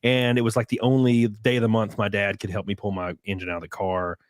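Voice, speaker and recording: A young man hosting a podcast in casual chat, animated and profane, reading viewer comments and breaking into sudden loud yelps. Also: fairly low pitch, fast talker, dry recording, studio quality. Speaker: podcast host.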